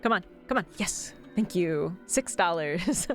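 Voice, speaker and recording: A woman's voice: fairly low pitch, animated, measured pace, faint music behind. A woman streamer giving playful, giggly let's play commentary with jokey asides. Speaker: game streamer.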